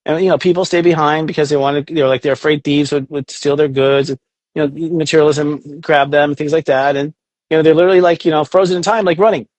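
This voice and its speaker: A man with a fairly high voice talks in an animated, casual way, often slipping into quoted inner voices and the odd swear word. The sound is dry and close, with no room echo. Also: fast talker. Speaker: astrologer guest. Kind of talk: casual podcast chat.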